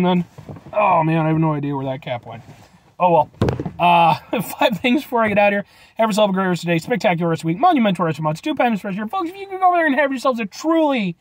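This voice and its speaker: A man's voice: high voice, no room sound. A man rambling in a jokey, chatty way as he reviews a drink and signs off his show. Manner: chatty, rambling and jokey with goofy sign-offs. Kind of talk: rambling casual review vlog.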